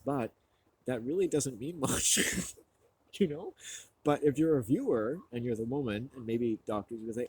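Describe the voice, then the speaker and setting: A man's voice: mid-range voice, expressive, normal speed, darkish tone, a little hiss or hum. A man retelling a movie plot in a casual, rambling rant, swearing freely and full of fillers. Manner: acts out quoted people.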